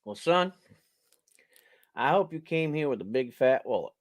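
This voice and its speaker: A man's voice: mid-range voice, animated, measured pace. Rambling, joking preacher man. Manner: rambling, joking, laughs at his own lines. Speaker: preacher hosting a charity livestream. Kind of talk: casual live-stream joking. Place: home, indoors.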